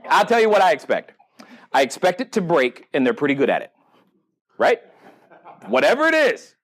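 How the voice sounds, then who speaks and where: Male seminar host, high and very lively pitch, playful storyteller quizzing a live crowd. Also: normal speed, husky. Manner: animated storyteller, quizzes the audience, acts out dialogue. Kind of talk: live seminar talk with audience interaction. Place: event room with a live audience.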